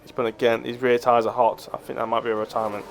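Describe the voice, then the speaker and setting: A man co-commentating a live sim race in a calm, dry, matter-of-fact way. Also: medium pitch, fast, vocal fry, slight background noise, low-quality recording.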